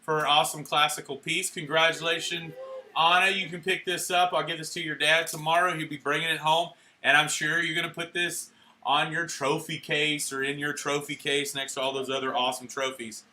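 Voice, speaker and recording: A young man emceeing a church awards night, handing out certificates in an energetic, playful way, cheering and joking with the crowd. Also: fairly high pitch, brisk, a little hiss or hum. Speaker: youth pastor handing out awards. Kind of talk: live church event emcee. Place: church hall at a live event.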